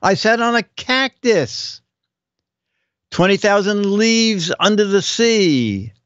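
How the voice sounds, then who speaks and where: A man's voice: sits high, lively intonation, takes it slowly, fairly bright tone, clean tone, no echo, lo-fi sound. An older man hosting a casual live show, reading viewers' joke captions aloud and chuckling between them. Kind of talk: casual comedic live-stream chat.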